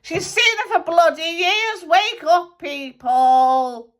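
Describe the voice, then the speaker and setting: A woman's voice: very high-pitched, takes it slowly, pitched above the performer's own voice. Woman channelling a ranting dead rock star. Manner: swearing, scolding, ranting. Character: blunt angry male rock musician spirit. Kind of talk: channelled spirit monologue.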